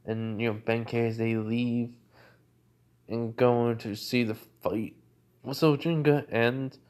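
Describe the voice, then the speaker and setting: A man's voice: medium pitch, darkish tone. A man casually retelling a made-up crossover story, rambling with many fillers. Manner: rambling, heavy use of "you know" fillers. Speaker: fan storyteller.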